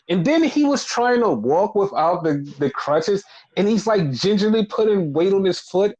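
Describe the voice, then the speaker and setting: A man talks casually as a podcast co-host, his pitch swinging widely and sitting fairly high. He swears freely and acts out quoted lines in exaggerated mocking voices. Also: sing-song, normal speed, a little mellow, highs cut off. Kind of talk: casual chat.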